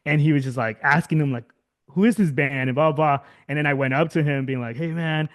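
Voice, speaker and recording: Brisk and fairly high-pitched, this man in his thirties is a guest musician from Southern California. He talks casually in an interview, rambling with many fillers and restarts and laughing frequently.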